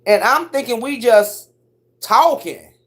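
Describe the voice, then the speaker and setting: A middle-aged woman telling stories on a casual livestream, cursing freely and leaping up in pitch when she acts out what people said. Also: slow. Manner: profane, animated storyteller who swoops up high for quoted voices. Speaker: live streamer.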